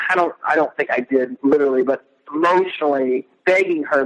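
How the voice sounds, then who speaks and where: A middle-aged man speaking as an interview guest, earnest and emotional, halting as he recounts. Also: on the high side, low-quality recording. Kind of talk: casual interview.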